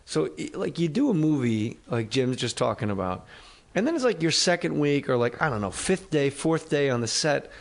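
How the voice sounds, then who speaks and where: Quick-joking male podcast host. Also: on the high side, sing-song, vocal fry. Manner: quick joking banter, drops in bits. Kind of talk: casual podcast chat.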